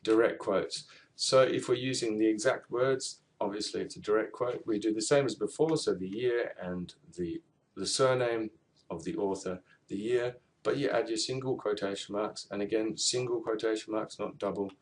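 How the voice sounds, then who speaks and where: A man's voice: fairly low pitch, moderate pace. A man giving a recorded university lesson on referencing, explaining step by step with fillers and self-corrections. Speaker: university tutor. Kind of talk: recorded lecture on assignment referencing.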